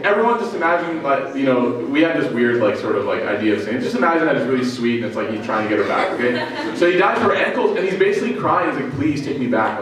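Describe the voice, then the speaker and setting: A man's voice: mid-range voice, slight background noise. A man from Chicago teaching Islamic studies to college students in a casual storytelling way, acting out the dialogue of the people in his story and joking with the audience. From Chicago, United States. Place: lecture room with a student audience. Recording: very echoey room, mic at a distance.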